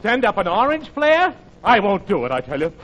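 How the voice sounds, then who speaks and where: A man's voice: high voice, wildly swooping pitch, fairly quick, a bit bright, voice pushed down, exaggerated voice, poor audio. A man voicing a fussy, dainty sailor who refuses orders, in a 1940s radio sketch. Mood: indignant. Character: fussy, dainty male sailor, prissy and stubborn.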